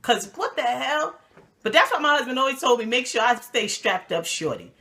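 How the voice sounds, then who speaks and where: A woman from New York hosting a casual TV review chat, talking in an animated, slangy, emphatic way. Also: high voice, moderate pace. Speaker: host.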